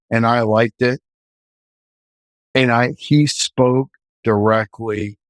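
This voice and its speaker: A man, a former police officer, telling a story in an earnest, animated way. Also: fairly low pitch, dry recording. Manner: earnest, animated, shouts in quoted lines. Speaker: former navy chief and police officer, guest. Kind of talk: casual storytelling.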